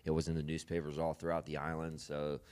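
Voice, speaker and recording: A young man, a podcast guest, telling his own story in a halting way, repeating words and swearing casually. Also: very deep voice, completely flat delivery, darkish tone, no room sound. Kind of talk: personal storytelling.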